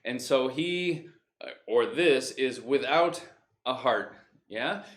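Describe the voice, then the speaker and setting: A man's voice: medium pitch, slow. A man hosting a casual, improvised English vocabulary lesson, explaining news headlines playfully and acting out words. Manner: playful, animated, acts out words. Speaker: English teacher and host. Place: home room. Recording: echoey room.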